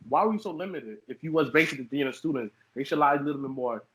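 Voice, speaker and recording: A man hosting a podcast interview, asking questions in an animated, emphatic way. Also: on the high side, racing, slight background noise. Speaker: podcast host. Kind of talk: casual interview. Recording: echoey room.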